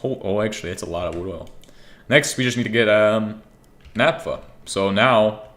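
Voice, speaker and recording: A man's voice: fairly low pitch, moderate pace, a bit bright. A young man casually talking to himself while playing a game, rambling and swearing freely, with keyboard typing behind him. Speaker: gaming streamer. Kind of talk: casual gameplay commentary.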